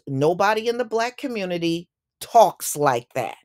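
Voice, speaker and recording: Slow, emphatic woman vlogger. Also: fairly low pitch, animated, a little mellow. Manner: indignant, emphatic, repeats phrases for effect. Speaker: YouTube commentator. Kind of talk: opinion commentary vlog.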